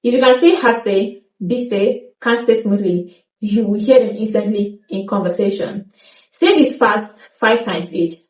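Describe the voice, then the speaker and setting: A woman delivers a scripted language lesson in a mid-pitched voice. She sets out example phrases slowly and deliberately. The recording sounds roomy, with the mic some distance away. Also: a little mellow. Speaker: language teacher.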